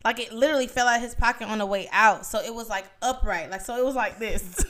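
A woman's voice: fairly high pitch, fast, hardly any pauses, a bit bright. A woman co-hosting a podcast, telling a story in casual chat and acting out the dialogue with slang. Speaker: podcast co-host.

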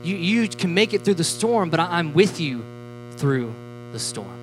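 A preacher softly voicing a calm, reassuring Jesus. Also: medium pitch, faint music behind, close to an everyday voice, rough recording. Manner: soft, gentle and unhurried. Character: calm reassuring Jesus speaking to his disciples.

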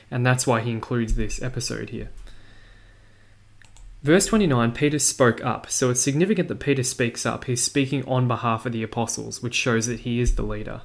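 A man gives a Bible study lesson in an even, mid-range voice. He goes through the passage verse by verse and explains each point for his listeners. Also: medium pitch. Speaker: Bible teacher.

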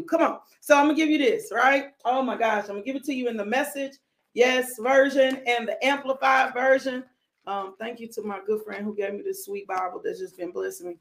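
A woman preaching with a high, bright-pitched voice. She drives her sermon with fervent call-and-response and sudden whoops. She calls out to members of her congregation by name. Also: steady tone, fairly quick.

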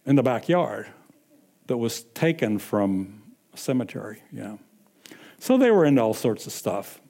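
A middle-aged man preaching a sermon, telling a personal story with sudden swings from loud to hushed. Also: medium pitch. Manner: breaks into sung lines and laughter.

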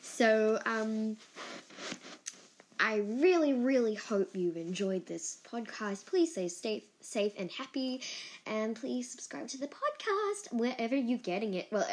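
A woman hosting her own podcast in a casual solo monologue, earnest and openly emotional, with giggles and bursts of excitement. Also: a little high, takes it slowly, a little hiss or hum. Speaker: podcast host.

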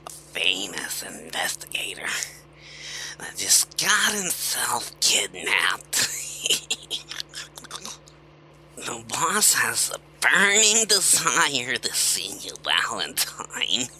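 A man voicing a snooty, sneering male villain in an audio drama, whispered role-play with an airy, nasal voice and mocking, drawn-out taunts. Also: mid-range voice, huge pitch swings, pushed and bright, slight background noise, full character voice, rough recording. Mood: gloating.

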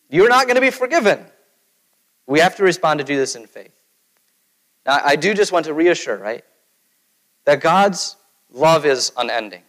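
Conversational male pastor, higher voice. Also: fairly bright tone, rough recording. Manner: conversational, often adds "right?" to check in. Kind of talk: sermon.

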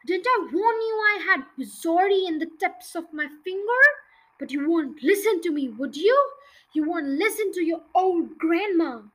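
Storybook role: a woman doing a boastful grandmother, slow scolding shouts, lively pitch. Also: full character voice, low-quality recording.

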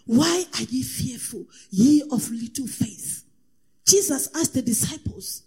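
Woman preacher, really high voice, sing-song sermon, shouts then goes quiet. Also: animated, unhurried, husky. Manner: impassioned preaching, swings from shouting to hushed; sing-song cadence, repeats praise refrains.

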